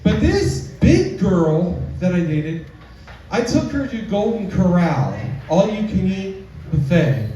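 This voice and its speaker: A man with a fairly high voice performs stand-up at a slow, unhurried pace. He is picked up from a distance in a very echoey club, with faint room noise behind him. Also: very animated, dark tone. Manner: slow, drawn-out delivery with squealing voices for the girls. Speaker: stand-up comedian. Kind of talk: live stand-up set. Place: small comedy club stage.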